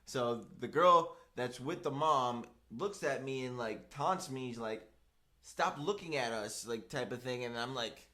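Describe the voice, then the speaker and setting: A man's voice: medium pitch, measured pace, few pauses. A young man co-hosting a podcast, telling a story in casual chat, acting out the people he quotes and leaning on "like" a lot. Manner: animated storyteller, acts out quoted people, heavy "like" fillers. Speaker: podcast co-host.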